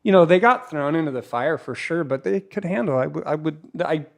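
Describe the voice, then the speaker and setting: A Californian surfer and filmmaker in his fifties tells stories casually, acting out the dialogue with animation and often restarting his sentences. His voice is a little high, gravelly, and fairly quick.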